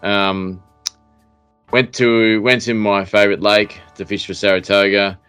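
Australian male podcast host, low voice, rambling, restart-heavy storyteller, faint music bed. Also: flat delivery, measured pace, fairly bright tone, smooth. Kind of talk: casual chat.

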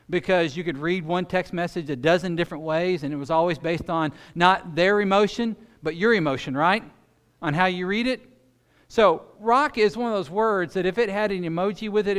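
Pastor, male, higher voice, animated sermon delivery, long hall reverb. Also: smooth. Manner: animated preaching that swings between loud emphasis and quiet intensity.

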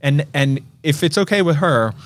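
A man's voice: a little high, expressive, normal speed. A man co-hosting a film podcast, talking in a rambling casual way with many restarts. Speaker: podcast co-host. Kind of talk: casual chat.

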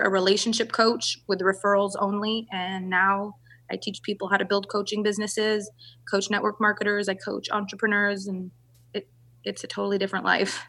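Bright-voiced woman telling her story. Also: mid-range voice. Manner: animated storyteller, acts out quoted voices. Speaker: guest, relationship and business coach. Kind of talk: podcast interview storytelling.

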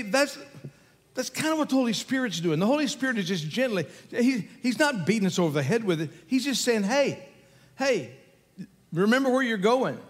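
An older man preaches a sermon in a relaxed, storytelling manner, chuckling as he goes. His voice sits high for a man. A long reverb trails behind him, as in a big hall. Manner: conversational, folksy, animated storytelling with chuckles. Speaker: pastor.

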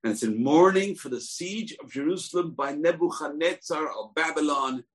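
A man teaching a weekly Torah portion class, telling the story in an animated way, acting out the quotes and often pausing on uh. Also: a little high. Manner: animated storytelling, acts out quotes, frequent uh fillers.

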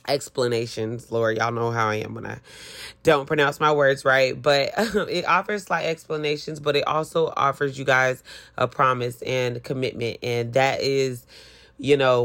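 A woman's voice: very deep voice, fairly bright tone. A woman hosting a podcast in a casual, chatty and playful way, often laughing as she talks. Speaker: podcast host. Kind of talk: casual chat.

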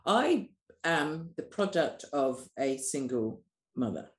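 A woman's voice: low-pitched, slow pace, echoey room. A woman, a doula and coach, speaking bluntly and passionately in a candid podcast conversation. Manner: blunt, passionate, sweary, animated.

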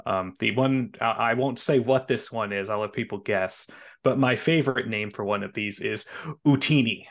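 Man, podcast guest, hesitant, lots of uhs, lowish voice. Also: normal speed, fairly bright tone. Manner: hesitant, many uhs and you-knows. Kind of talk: casual chat.

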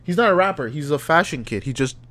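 A man's voice: a little high, quick pace. A young man casually telling a story on a podcast, acting out the people in it and laughing often. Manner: animated, acts out voices in anecdotes, laughs often.

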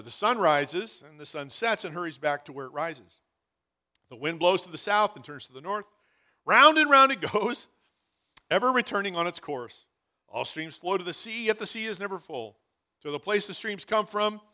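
A man's voice: high-pitched, sharp tone. A man in his sixties preaching a sermon as pastor, emphatic, repeating key phrases and dropping dry asides. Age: 60s.

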